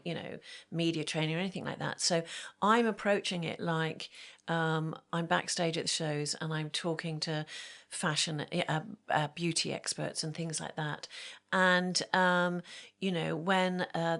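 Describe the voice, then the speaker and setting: Woman, lowish voice, chatty storyteller, lots of ums, does little voices for people. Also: a bit bright. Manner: chatty storyteller, acts out quoted voices, many fillers. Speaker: make-up artist guest. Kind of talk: casual interview chat.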